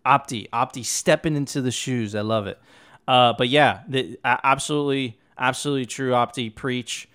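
A man's voice: medium pitch, moderate pace, a bit bright, clear, resonant tone. A man hosting a podcast in casual chat, enthusiastic and profane, often stumbling over and repeating words. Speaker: podcast host.

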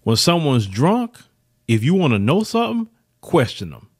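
A middle-aged man with a fairly high voice delivers opinion commentary in a preachy, emphatic way. He stumbles over repeated words and restarts as he presses his points. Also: sing-song, normal speed, a little mellow, breathy edge.

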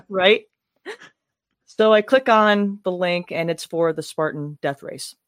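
A woman in her forties, a podcast guest telling stories in an animated, casual way and laughing often. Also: on the low side, slow pace, pauses often, dry recording, clean studio sound. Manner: animated storytelling, frequent laughs. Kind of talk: casual conversation.

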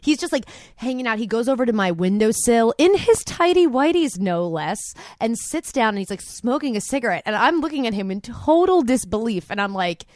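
A woman's voice: fairly high pitch, very animated, brisk, no room sound, clean studio sound. A woman telling a personal anecdote in a chatty way, full of "like" and quoted asides. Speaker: storyteller.

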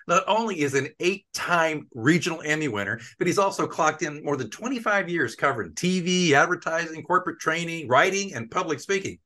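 A man's voice: a little high, lively intonation, brisk, few pauses, sharp tone. A middle-aged man hosting an interview podcast, chatty and joking with an old friend. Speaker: podcast host. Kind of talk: casual interview chat.

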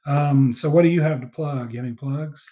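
Podcast host guy, rambly and casual, lots of ums, warm mellow voice. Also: fairly high pitch, a little fast. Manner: rambling, many fillers and restarts. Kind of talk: casual chat.

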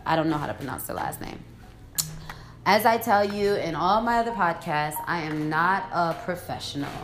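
A woman's voice: on the low side, expressive, normal speed. A young woman hosting her own podcast, venting in an angry rant full of swearing and repeated phrases. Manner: swears constantly, repeats herself, angry ranting. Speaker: podcast host. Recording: echoey room with faint music.

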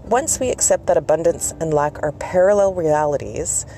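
A woman from Canada talks to her viewers in a relaxed, encouraging way, slipping in little chatty asides. Her voice sits a bit low and sounds mellow and soft-edged. A faint hum of passing traffic is heard behind her. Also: normal speed. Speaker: self-care vlogger and host. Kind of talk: casual motivational talk.

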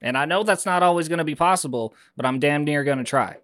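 A man's voice: on the high side, fast, a bit bright, dry recording, studio quality, close to an everyday voice. A man playing an earnest, grumbling male sailor who rambles indignantly in a tabletop game. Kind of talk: in-character tabletop play.

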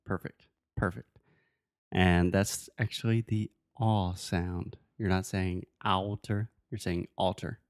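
A man's voice: sits low, steady tone, takes it slowly, darkish tone, no room sound, studio quality. A man co-hosting a podcast, patiently walking his partner through English pronunciation in casual conversation. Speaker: podcast co-host and English teacher.

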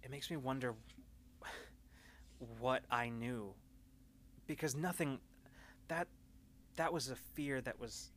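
A man voicing an anxious young woman co-pilot who speaks quietly, haltingly and apologetically. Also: mid-range voice, a little hiss or hum. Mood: uneasy.

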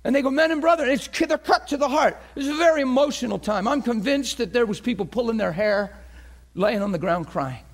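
Impassioned high-voiced male preacher. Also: animated, fairly quick, hardly any pauses. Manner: swings from shouting fervor to hushed earnest appeals; acts out crowd voices and gasps. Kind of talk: impassioned sermon.

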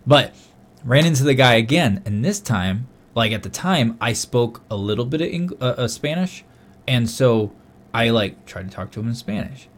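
Animated, swearing young man telling a story. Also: mid-range voice, normal speed. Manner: animated, swears a lot, loud bursts when quoting himself. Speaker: podcast co-host. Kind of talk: casual storytelling chat.

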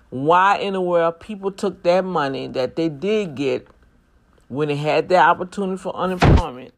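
A vlogger speaks straight to regular viewers in a casual monologue. The delivery is emphatic and preachy, broken by prayerful asides. The pitch jumps high whenever a point needs hammering home. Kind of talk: casual monologue with urgent warnings.

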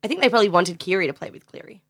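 A woman's voice: mid-range voice, animated, racing, a bit bright. A young Australian woman co-hosting a casual sports chat, making her case with lots of likes and laughing easily. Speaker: podcast co-host. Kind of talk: casual chat about rugby league.

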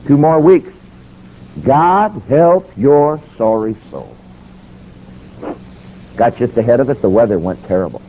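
A man's voice: medium pitch, animated, measured pace, pauses often. A man preaching a sermon, telling a story dramatically and acting out the dialogue. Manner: dramatic, acts out quoted dialogue. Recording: dull lo-fi recording with faint noise.

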